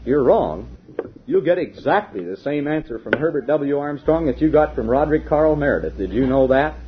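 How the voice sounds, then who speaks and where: A man preaching a sermon, firing rhetorical questions and swinging between loud declarations and hushed asides. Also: a little high, lively intonation, normal speed, dull audio, a little hiss or hum. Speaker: minister preaching to a congregation.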